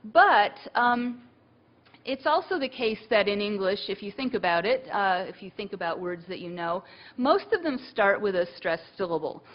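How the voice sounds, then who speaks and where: A woman's voice: medium pitch, animated, moderate pace. Woman lecturing, muffled recording. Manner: thinking aloud with many fillers and restarts. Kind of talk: university lecture.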